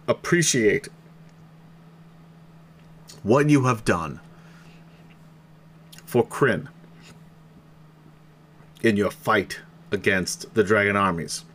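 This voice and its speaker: A man's voice: on the low side, lively intonation, extremely slow, pauses often, a bit bright, voice pushed down, heavily acted. A man doing a stately knight lord. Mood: solemn. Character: male knight lord presiding over a council, formal and commanding.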